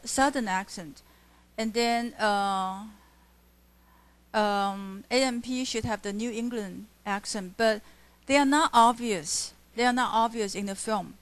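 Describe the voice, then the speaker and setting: A female literature teacher, giving a classroom lecture in a halting style full of fillers and self-corrections. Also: on the high side, fairly bright tone, clean tone. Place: university classroom.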